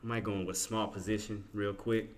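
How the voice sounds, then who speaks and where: A man's voice: lowish voice, little pitch movement, quick pace, a little hiss or hum. A man streaming his live trades, thinking aloud in casual slangy talk and chatting with his viewers. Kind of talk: live trading commentary.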